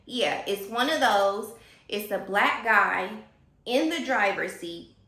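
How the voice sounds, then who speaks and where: A woman telling a story in a casual vlog, animated and gossipy, talking straight to her viewers. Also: mid-range voice, takes it slowly, echoey room.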